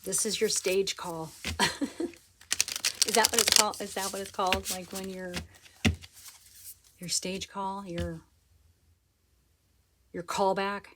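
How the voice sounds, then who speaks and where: A woman giving a pick-a-card tarot reading to her viewers. She is earnest and excitable, and often stops to rephrase herself. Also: mid-range voice, takes it slowly, pauses often, background noise. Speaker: tarot reader.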